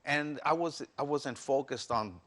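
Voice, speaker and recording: A man's voice: fairly high pitch, unhurried, a bit bright. A man speaking as a guest on a faith talk show, candidly telling his own story with earnest restarts. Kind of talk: personal testimony in interview.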